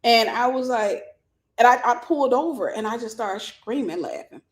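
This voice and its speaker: A woman host telling a personal story and giving dating advice in a lively, casual way, often breaking into laughter. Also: fairly high pitch, moderate pace. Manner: animated, bursts into laughter, vernacular.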